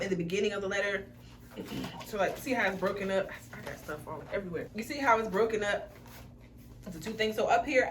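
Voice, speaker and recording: A woman's voice: mid-range voice, fairly bright tone, far from the mic, slight background noise. A young woman, chatting casually to camera as a vlogger and swearing freely. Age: young adult.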